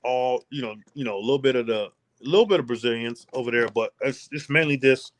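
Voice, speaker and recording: A man's voice: medium pitch, fast, no room sound. Boastful, slangy man from the United States. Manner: boastful, animated, slangy storytelling. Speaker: podcast guest, travel vlogger. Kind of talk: casual interview chat.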